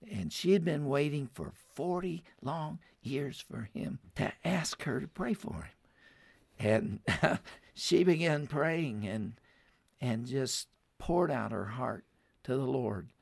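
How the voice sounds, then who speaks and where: A man telling a story in a heartfelt, earnest way, in a mid-range voice. He often grows louder and more urgent as he appeals to his listeners. The recording sounds close and dry, with no room echo. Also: medium pitch, expressive, takes it slowly, gravelly. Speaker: radio program guest.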